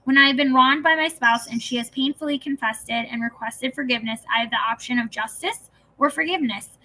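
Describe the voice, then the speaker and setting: A woman reading an audiobook in a calm, even scripted narration with gentle emphasis. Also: high voice, brisk, low-quality recording.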